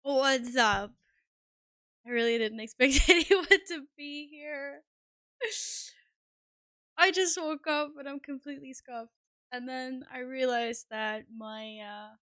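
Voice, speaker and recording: A woman streaming live, talking in an unhurried, scattered way, cursing and laughing at herself. Her voice sits a little high with a bright, forward tone. The sound is dry and close, with no room around it. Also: no echo. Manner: scattered, self-deprecating, swears often. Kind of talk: casual live-stream chat.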